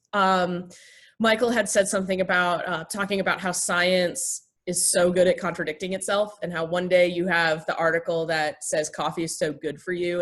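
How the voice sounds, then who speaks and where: A woman minister and therapist, a guest in an interview, explaining things thoughtfully with frequent ums and restarts. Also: lowish voice. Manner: acts out example dialogue in a lifted, gentle voice.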